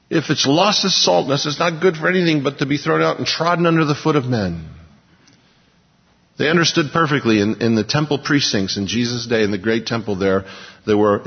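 A man preaching a sermon, reading scripture slowly and building to emphatic bursts. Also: medium pitch, slightly rough. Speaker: pastor. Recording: dull, lo-fi with long hall reverb.

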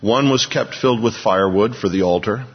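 Man preaching, husky voice, slow scripture reading and emphatic bursts, dull lo-fi sound. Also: fairly low pitch. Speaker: pastor. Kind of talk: sermon. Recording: dull, lo-fi with long hall reverb.

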